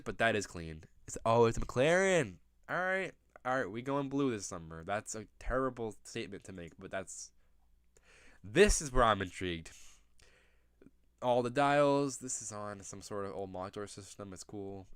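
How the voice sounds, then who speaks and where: Profane, ranting young man, low voice. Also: clean tone, no room sound, studio quality. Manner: profane, rambling, sarcastic rants; sudden loud outbursts. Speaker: commentary video host. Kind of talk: casual commentary reacting to pictures.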